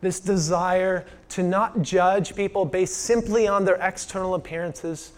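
Higher-voiced man preaching conversationally. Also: steady tone, measured pace. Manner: conversational preaching with rhetorical questions, dropping soft for emphasis. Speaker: pastor. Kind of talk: sermon.

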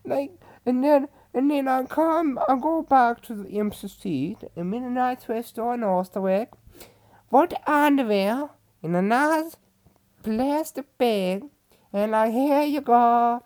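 A woman's voice: fairly high pitch, slow, darkish tone. A woman playing a bumbling male farmer who tells absurd stories in a rambling, repetitive, easily sidetracked way, with mock outrage. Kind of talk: comic podcast monologue in character.

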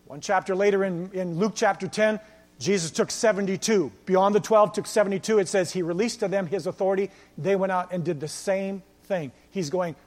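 A male pastor preaches in an animated storytelling style, acting out the lines of the people in his stories. His voice is high for a man and fairly quick, and the long reverb of a church hall surrounds it.

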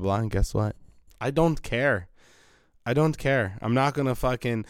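A man's voice: lowish voice, clean tone, dry recording, clean studio sound. A man hosting a solo podcast, rambling and swearing casually with many restarts, sounding a bit tired. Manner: rambling, profane, restarts often. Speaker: podcast host.

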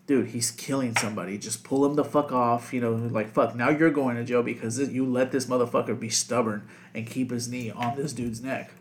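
A man's voice: medium pitch, slight background noise. A man co-hosting a casual podcast chat, rambling with lots of fillers and constant swearing. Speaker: podcast co-host.

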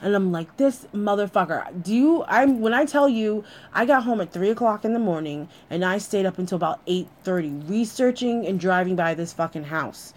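A woman's voice: medium pitch, normal speed, few pauses. A young adult woman telling a personal story with lots of swearing, addressing her listeners directly.

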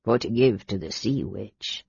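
A woman's voice: very deep voice, animated, measured pace, gravelly, darkish tone, breathy edge, no room sound, voice pushed down, exaggerated voice. A woman voicing a wizened, toothless old sailor in an audiobook, gumming his words, with a dull lo-fi sound. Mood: humble. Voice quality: gummy, mumbling.

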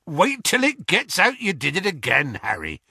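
A man voicing a big, gruff, loyal half-giant. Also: fairly high pitch, wildly swooping pitch, moderate pace, pushed and bright, no echo, studio quality, pitched above the performer's own voice, full character voice. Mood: proud. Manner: gruff, rough.

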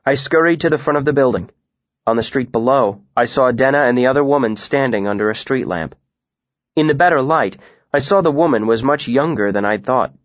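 A man narrating a story in the first person, in an even, measured way. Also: mid-range voice, no room sound, highs cut off. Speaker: audiobook narrator.

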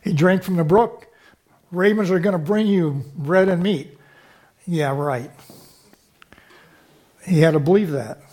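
A man with a high-pitched voice preaches a sermon. He teaches from scripture in a conversational way, often stopping to check in with the congregation through short questions. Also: normal speed, mellow, slightly rough. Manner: teaching, with frequent rhetorical check-ins to the congregation.

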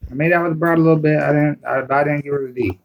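A man chatting on a podcast, telling a story in a loose, conversational way. His voice is a little high. He keeps it casual. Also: steady tone, very fast, highs cut off. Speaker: podcast co-host. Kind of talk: casual chat.

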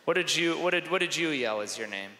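A young man doing stand-up comedy on a theater stage, rambling and animated, switching into voices. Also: fairly high pitch, quick pace, slight background noise. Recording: echoey theater hall.

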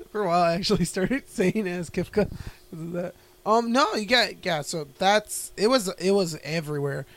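Male podcast co-host, high and gravelly, casual and rambling, swears freely. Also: normal speed, a bit bright. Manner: rambling, swears often, frequent laughs. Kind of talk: casual chat.

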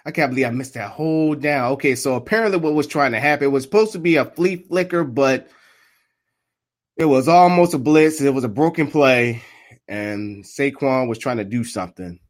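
A man doing casual live play-by-play of a football game, trash-talking and laughing, swinging from muttered asides to loud outbursts. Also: medium pitch, moderate pace. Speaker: live sports commentator and streamer.

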